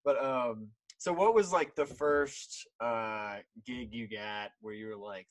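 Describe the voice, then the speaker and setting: A man's voice: mid-range voice, takes it slowly, hardly any pauses, poor audio. Rambling young male podcast host. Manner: rambling, heavy on "like" and "um". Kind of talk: casual interview chat.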